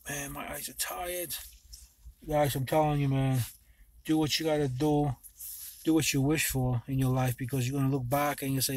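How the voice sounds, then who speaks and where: A man's voice: medium pitch, fairly even intonation, moderate pace, pauses often. A man talking casually to his viewers in a vlog, rambling and swearing freely, often restarting his sentences. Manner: rambling and profane, with many restarts. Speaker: vlogger.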